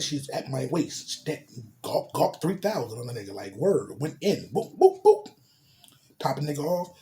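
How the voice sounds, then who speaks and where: Slangy man telling a crude story. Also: on the high side. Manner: crude slangy, with spoken sound effects. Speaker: storyteller vlogger. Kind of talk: casual storytime.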